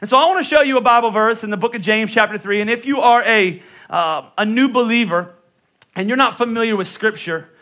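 A man's voice: sits high, fairly quick, pushed and bright. A middle-aged man with a Northeastern US accent, preaching a sermon as a pastor in a casual, joking manner. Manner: conversational and joking, with playful voice impressions.

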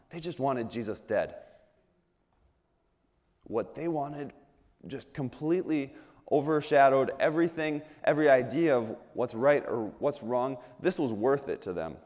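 Male preacher, mid-pitched voice, chatty sermon full of rhetorical questions, big hall echo. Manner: conversational, asks the audience rhetorical questions, repeats words when restarting.

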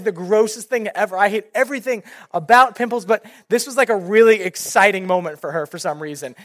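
A young man, a youth pastor, preaching a sermon in an animated storytelling way, with many casual fillers. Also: high voice, dry recording, studio quality.

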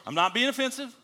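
A middle-aged American man, a missionary, telling stories to a church congregation. He acts out the quoted lines in a joking voice. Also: very high-pitched. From United States. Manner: animated storyteller, acting out quotes with a jokey voice. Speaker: missionary speaker.

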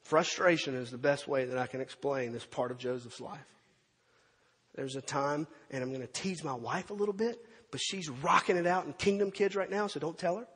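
Pastor, male, high-pitched storyteller in a reverberant hall, acts out the quotes. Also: moderate pace, husky. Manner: storytelling, animated, with acted-out quotes and asides to the congregation. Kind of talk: sermon.

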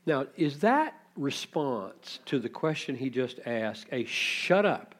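Slow, reflective male preacher. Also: mid-range voice, very animated. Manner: reflective teaching with rhetorical questions. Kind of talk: expository sermon.

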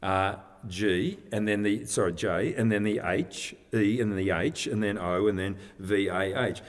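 A man's voice: on the low side, a little slow. A man preaching a sermon, explaining scripture in a conversational, teaching way with frequent restarts. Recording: long hall reverb.

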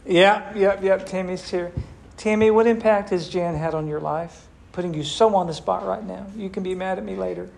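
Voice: mid-range voice, fairly even intonation, normal speed, creaky, darkish tone. A pastor leading a church discussion, preaching emphatically and asking rhetorical questions, affectionate with members. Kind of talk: sermon and group discussion.

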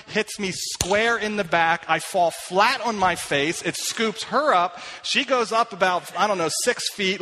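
Self-mocking pastor, bright high voice. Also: male voice, slight background noise. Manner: self-deprecating storytelling, many fillers and restarts. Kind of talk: sermon with personal stories. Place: church hall. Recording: long hall reverb.

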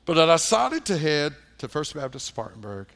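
A middle-aged man from South Carolina, a pastor telling stories in a sermon with wry asides, dropping quiet for emphasis. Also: fairly high pitch, wildly swooping pitch, moderate pace, vocal fry. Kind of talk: sermon storytelling.

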